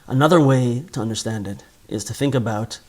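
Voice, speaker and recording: A man's voice: mid-range voice, a little fast. Earnest man teaching a Torah class. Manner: earnest, repeats words as he builds a point.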